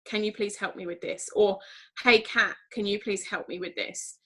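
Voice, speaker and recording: A woman from Britain chats openly in an interview. Her voice is bright and clear, and she talks in a candid, animated way with plenty of fillers. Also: medium pitch, moderate pace, low-quality recording. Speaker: interview guest, team leader. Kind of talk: casual interview talk.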